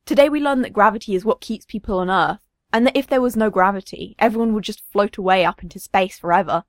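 A woman voicing a gentle little boy in a storybook reading, speaking in a plain, matter-of-fact, childlike way. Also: medium pitch, quick pace, dry recording, clean studio sound, lightly acted. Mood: earnest. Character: earnest, gentle small boy.

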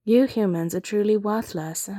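A woman voicing a cold, soft-spoken young man who talks with quiet contempt, in a storybook reading. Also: mid-range voice, moderate pace, no echo, lightly acted. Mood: contemptuous.

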